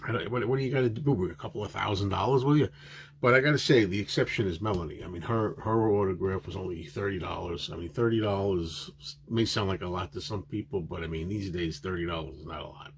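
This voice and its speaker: Man, very low voice, casual rambling collector vlog, lots of "uh"s, faint hum behind. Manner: rambling, many filler pauses and restarts; chatty and enthusiastic. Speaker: autograph collector vlogger. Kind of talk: casual show-and-tell narration.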